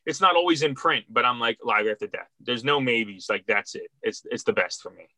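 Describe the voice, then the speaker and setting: Man, middle-aged, from Philadelphia, record store worker, rambling and heartfelt, bright edgy tone, dry close sound. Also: mid-range voice, brisk, no room sound. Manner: rambling and heartfelt, with frequent restarts. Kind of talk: casual interview storytelling.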